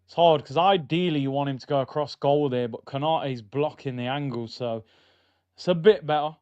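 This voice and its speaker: During his live football watchalong stream, a young man reacts casually, gets loud at chances, and reads out chat. His slightly high voice is clear and resonant at a moderate pace, with a dry, lo-fi sound from his streaming mic.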